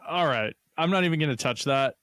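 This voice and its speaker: A man's voice: a little high, expressive, fairly quick, fairly bright tone, dry recording, studio quality. Easygoing male podcast co-host. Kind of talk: casual chat.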